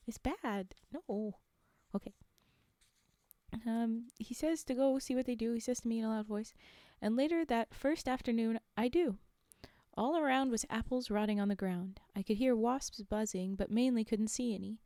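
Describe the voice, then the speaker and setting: A woman's voice: on the high side, normal speed, dark tone, dry recording, studio quality. A woman streamer reading a story aloud, breaking off for chatty, laughing asides to her chat.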